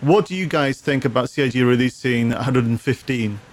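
A man's voice: mid-range voice, steady tone, fairly quick, slight background noise. A man co-hosting a casual gaming chat, reading viewer comments aloud and often restarting his sentences with repeated words.

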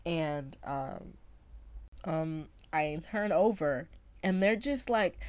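A young woman with a low voice chats through a story for her podcast. She rambles along, piling up fillers and breaking off to start over, in an easy casual way. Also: a little mellow. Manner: chatty, rambling, many fillers and self-corrections.

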